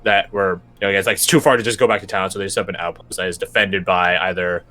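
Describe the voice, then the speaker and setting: A man's voice: low-pitched, steady tone, fast, pushed and bright, faint music behind. Rambling young man running a tabletop game. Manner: rambling, many fillers and restarts. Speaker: game master.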